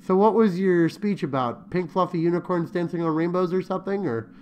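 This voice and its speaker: Over a remote call, a man hosts a casual online interview, joking around playfully and breaking into sung lines and laughter. His voice is high and brisk. The audio has its highs cut off and carries a little hiss or hum.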